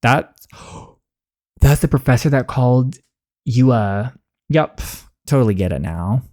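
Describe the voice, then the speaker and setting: A man's voice: mid-range voice, expressive, slow, mellow. A man playing a story game and chatting his reactions between the lines, laughing as he goes. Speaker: game player. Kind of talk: let's play reaction.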